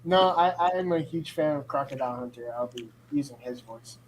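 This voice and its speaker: A woman's voice: rumbling low, brisk, a little mellow, slight background noise, rough recording. A woman co-hosting a casual live stream chat, playful and teasing, cracking jokes and laughing often.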